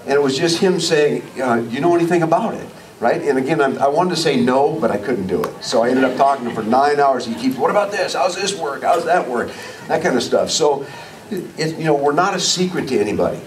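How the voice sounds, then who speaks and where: Guy doing a leadership talk to a crowd, rapid storytelling, sounds a bit far from the mic. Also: medium pitch, animated. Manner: storytelling, asks audience questions. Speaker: motivational speaker. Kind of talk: live leadership training talk. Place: meeting room with audience. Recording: distant mic in a room, faint noise.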